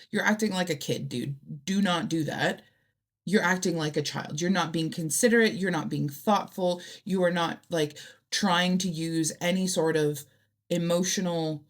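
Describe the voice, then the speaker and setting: A woman giving blunt, heated reactions to online stories, talking straight at the people in them. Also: on the low side. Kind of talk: casual reaction commentary.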